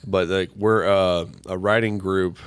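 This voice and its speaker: A man's voice: sits low, steady tone, a little slow, clean tone, no echo. A man co-hosting a podcast, talking in a laid-back, rambling way full of fillers. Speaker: podcast co-host. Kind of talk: casual chat.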